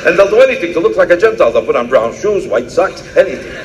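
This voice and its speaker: Fast mocking male comedian. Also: high-pitched, very animated, background noise. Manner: emphatic, mocking, rapid-fire delivery. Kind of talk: archival comedy monologue.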